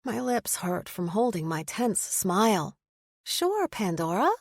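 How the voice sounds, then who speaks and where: A woman narrating a first-person audiobook in a measured, expressive storytelling manner, close to the mic. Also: mid-range voice, no room sound.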